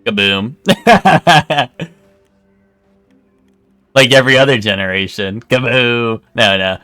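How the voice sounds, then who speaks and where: A man's voice: medium pitch, slow, sharp tone, no echo, faint music behind. A man streaming a game, chatting casually with lots of fillers and restarts. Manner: rambling, hesitant, lots of fillers. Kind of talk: casual chat while gaming.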